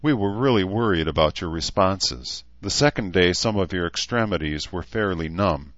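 A man's voice: deep voice, animated, moderate pace, fairly bright tone, no echo, lo-fi sound, voice pushed up. A man voicing a young woman healer who teases and scolds her patient bluntly. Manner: teasing, scolding.

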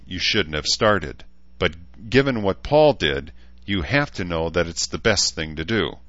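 A man reading the lines of a stern male commander in an audiobook, lecturing and forceful, on a dull recording. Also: low voice, dry recording, pitched above the performer's own voice.

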